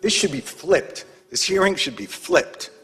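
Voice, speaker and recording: Angry husky man in a reverberant hall. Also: fairly high pitch, expressive, sharp tone, faint music behind. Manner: angry, emphatic, speaks in measured bursts. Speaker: advocate testifying at a congressional hearing. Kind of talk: impassioned speech.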